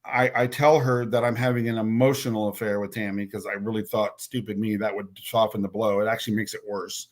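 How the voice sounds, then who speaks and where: A man's voice: fairly low pitch, level tone, brisk, hardly any pauses. Man telling a frank personal story. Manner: frank and blunt, swears, stumbles and repeats words; acts out other people's lines as quoted dialogue. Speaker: podcast guest, author.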